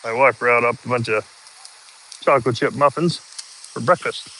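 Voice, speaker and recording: A man, chatting casually outdoors while hosting a live stream, easygoing and relaxed. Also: medium pitch, moderate pace, slight background noise, poor audio. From Iowa, US. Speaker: livestream host. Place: outdoors at a rural property.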